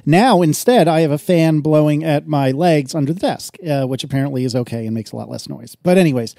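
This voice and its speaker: Male podcast host, mellow tone, loose anecdotal delivery, dry home office recording. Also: a little high, brisk, vocal fry, dry recording. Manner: rambling, self-correcting storyteller. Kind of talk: casual storytelling chat.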